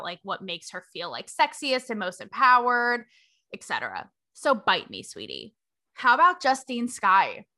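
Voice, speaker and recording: A young woman reporter hosting her own show, talking to camera in a sarcastic, animated way and laughing between points. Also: medium pitch. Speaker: reporter and host. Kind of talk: opinionated talk to camera.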